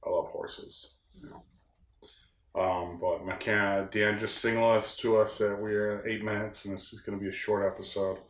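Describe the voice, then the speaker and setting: A man's voice: on the low side, level tone, normal speed, fairly bright tone. A young man from upstate New York hosting a casual solo podcast, talking in a plain-spoken, rambling, folksy way while recorded in a room on a ranch. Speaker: podcast host. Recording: roomy echo.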